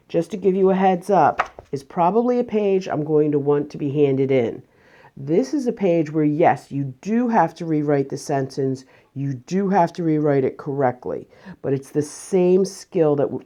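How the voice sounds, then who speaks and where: A woman teacher calmly walking students through a grammar review step by step in a remote lesson. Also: sits low. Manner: patient, step-by-step explaining.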